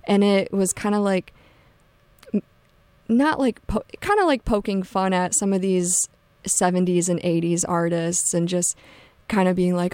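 A woman's voice: lowish voice, unhurried, pauses often, a little mellow, clear, resonant tone, dry recording. A young woman hosting a college radio show, talking loosely and casually with lots of fillers. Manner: chatty, loose, many fillers and "like"s. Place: radio studio.

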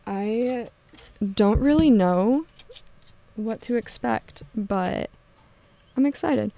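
A woman's voice: on the high side, animated, very slow, vocal fry, mellow, dry recording. A young woman hosting a college radio show, talking loosely and casually with lots of fillers. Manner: chatty, loose, many fillers and "like"s. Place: radio studio.

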